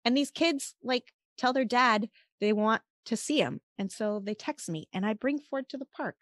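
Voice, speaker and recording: A woman's voice: fairly high pitch, expressive, moderate pace, fairly bright tone, no room sound. A woman guest on a podcast, a mother telling a personal story in a casual, earnest way, full of "like" and "you know". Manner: earnest, chatty, many "like" and "you know" fillers.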